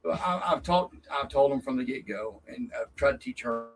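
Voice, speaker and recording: A middle-aged man, a racing dad, chatting as an interview guest and telling animated stories with acted-out quotes. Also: mid-range voice, moderate pace, gravelly, a little hiss or hum, low-quality recording. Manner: animated storyteller acting out quotes. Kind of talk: casual interview chat.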